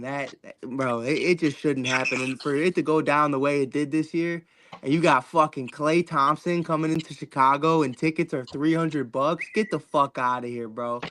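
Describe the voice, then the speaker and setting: A man with a fairly high voice ranting hard, swearing and calling everyone bro. Clicks and noise sit clearly behind his voice. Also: fairly bright tone. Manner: heated, profane, repeats "bro". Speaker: podcast co-host. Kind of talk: impassioned sports rant.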